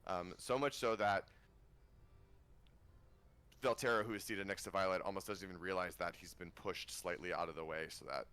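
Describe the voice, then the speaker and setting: A man's voice: deep voice, normal speed, long pauses, fairly bright tone, clear, resonant tone. A man narrating a tabletop game as game master, rambling with ums and restarts.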